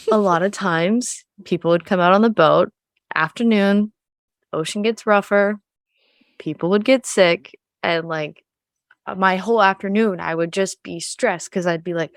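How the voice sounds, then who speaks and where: A young adult woman co-hosting a podcast, chatting candidly and telling a personal story in a lively way. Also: mid-range voice, measured pace, no echo, studio quality. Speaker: podcast co-host. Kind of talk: casual chat, personal story.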